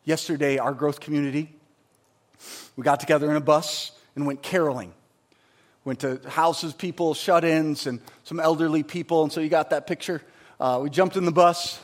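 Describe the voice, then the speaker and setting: A man preaching a sermon in a church, emphatic, moving between loud bursts and hushed stretches. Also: fairly high pitch, steady tone, normal speed. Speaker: pastor.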